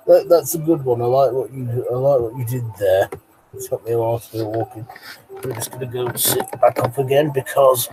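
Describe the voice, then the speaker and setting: A man's voice: mid-range voice, moderate pace, noisy background. A man hosting a casual livestream, reading chat messages aloud and chatting with frequent ums and restarts. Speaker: livestream host. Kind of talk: casual live-chat commentary.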